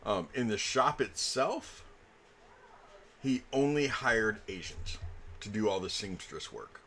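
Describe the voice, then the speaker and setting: A man's voice: on the low side, lively intonation, takes it slowly, a bit bright, a little hiss or hum. A man serving as game master, chatting casually and rambling through a story with lots of fillers. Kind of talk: casual table chat between game sessions.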